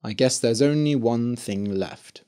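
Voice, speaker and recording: A man's voice: medium pitch, unhurried, warm tone, smooth, natural voice. A man voicing a devout father who speaks firmly and seriously. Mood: stern.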